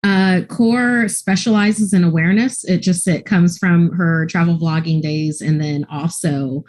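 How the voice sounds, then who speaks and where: Low-voiced woman game player. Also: steady tone, unhurried, darkish tone.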